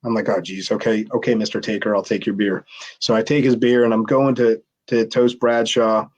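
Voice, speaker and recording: A middle-aged former wrestler telling a long backstage story in a casual interview, rambling with many restarts and acted-out quotes. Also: male voice, on the low side, little pitch movement, normal speed, darkish tone, dull audio. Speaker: former pro wrestler, guest.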